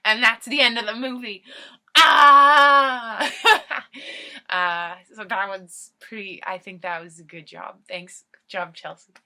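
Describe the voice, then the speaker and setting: Bright, slow, giggly young woman. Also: medium pitch. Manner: rambling, giggly ad-libbing. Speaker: comedy video host. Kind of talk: improvised comic storytelling.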